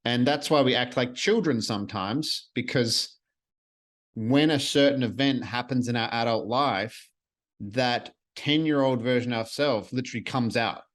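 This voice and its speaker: A man's voice: medium pitch, moderate pace, a bit bright. A man hosting a solo podcast, talking earnestly and reflectively in a casual way, with the odd swear word. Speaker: podcast host.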